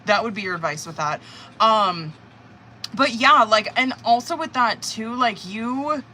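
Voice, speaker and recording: A woman's voice: on the high side, measured pace, slight background noise. A woman doing a live tarot reading, chatting casually, swearing often and acting out her viewer's feelings. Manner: casual, swearing, animated, acts out the querent's thoughts. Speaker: tarot reader.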